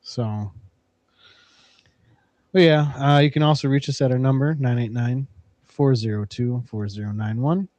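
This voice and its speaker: A man's voice: medium pitch, measured pace, pauses often, darkish tone, no room sound, highs cut off. A man co-hosting a podcast, running through show plugs and reading trivia in an upbeat announcing way. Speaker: podcast co-host. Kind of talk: casual podcast chat and segment reading.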